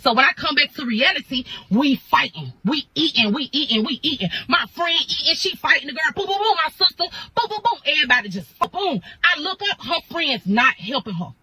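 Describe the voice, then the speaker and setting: A woman's voice: sits high, lively intonation, a little fast, few pauses, sharp tone, rough recording. A woman telling a dramatic storytime in slangy, punchy talk full of sound effects. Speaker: storytime creator. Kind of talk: animated storytime.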